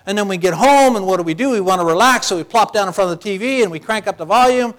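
High-voiced preacher swinging loud to soft. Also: male voice, quick pace. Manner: swings from loud shouting to near whisper; folksy, conversational asides. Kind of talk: sermon.

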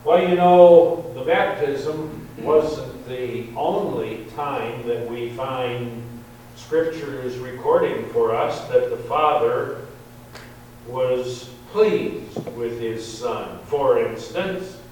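Slow-preaching man in an echoey hall. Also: mid-range voice, a little mellow. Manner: slow, deliberate, rising emphasis on quoted verses. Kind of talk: sermon. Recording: very echoey hall, distant mic, faint hum.

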